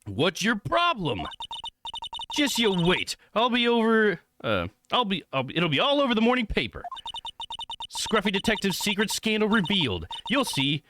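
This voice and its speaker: A man's voice: high-pitched, big pitch swings, moderate pace, background noise, voice pushed up. A man doing a brash pushy tabloid reporter. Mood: taunting. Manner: brash, taunting, stumbling over lines. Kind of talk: reading game dialogue aloud on stream.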